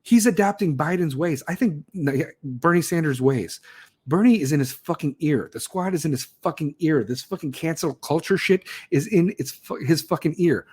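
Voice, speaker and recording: A man's voice: fairly high pitch, normal speed, a little mellow, husky. A man ranting angrily, swearing nonstop and mocking people in put-on voices as a podcast host. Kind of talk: profane rant.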